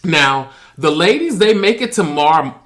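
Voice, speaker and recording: A man's voice: a little high, big pitch swings, unhurried, a bit bright. A man from near Pensacola, recapping a reality show in a chatty, sassy way and talking straight to the cast. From US Gulf Coast, near Pensacola. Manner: chatty, sassy, addresses cast members directly. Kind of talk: casual commentary recap.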